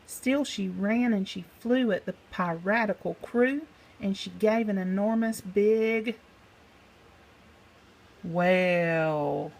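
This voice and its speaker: A woman reads a rhyming picture book aloud, taking her time over each line. Her pitch sits in the middle, and her delivery is rhythmic and sing-song. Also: measured pace, hardly any pauses, a little mellow, low-quality recording. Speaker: storybook reader.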